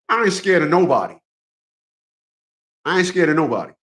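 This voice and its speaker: A man's voice: on the high side, fairly bright tone, husky. Blunt, combative man ranting. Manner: blunt, profane, repeats phrases for emphasis; boxing talk, combative. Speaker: channel host. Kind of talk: casual monologue.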